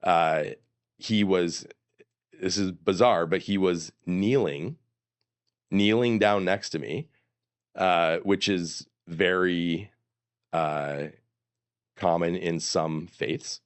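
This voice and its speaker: A middle-aged man, a guest on an interview show, telling a story in an animated, rambling way. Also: low voice, slow, pauses often, clear, resonant tone.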